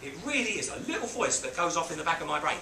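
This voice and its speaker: On a boat, a business mentor with a slightly high voice tells a business story to a small group, rapid-fire and with vocal fry, animatedly acting out quotes, voices, and beeping sound effects. He sounds some distance from the mic in a roomy, echoing space with steady background noise.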